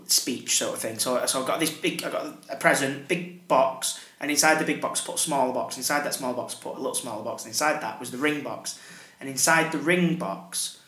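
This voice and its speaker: A young man, hosting a podcast and telling a story in casual, sweary chat. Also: mid-range voice. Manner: animated storyteller, swears freely. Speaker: podcast host. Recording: roomy echo.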